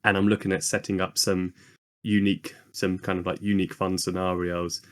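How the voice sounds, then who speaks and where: Lower-voiced man, hesitant podcast chat. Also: level tone, fairly quick. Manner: hesitant, lots of ums and likes. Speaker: podcast co-host. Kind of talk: casual chat.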